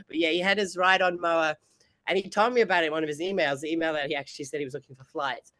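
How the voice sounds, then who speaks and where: Woman guest, talkative, quick to laugh; close, dry sound. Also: deep voice, steady tone, a bit bright, dry recording. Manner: chatty, laughs often between sentences. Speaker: bodybuilding competitor and guest. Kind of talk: casual interview chat.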